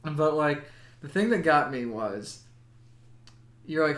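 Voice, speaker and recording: A man in casual conversation, excitable and profane, talking with lots of fillers. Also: fairly high pitch, normal speed, echoey room. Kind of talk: casual chat.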